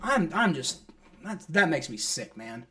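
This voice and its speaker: A fan streamer gives live play-by-play of a football game, exasperated and complaining at refs and players while swearing casually and leaning on fillers like "like." His fairly high voice swings widely in pitch, unhurried, with a bright, forceful tone.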